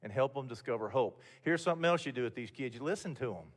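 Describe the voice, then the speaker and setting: A man's voice: medium pitch, lively intonation, fast talker. An older man gives a motivational talk to a room of mentors. He talks in a candid, homespun way and often restarts his sentences. His voice carries a long reverb from the event hall. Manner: folksy, candid storytelling with frequent restarts. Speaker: guest speaker.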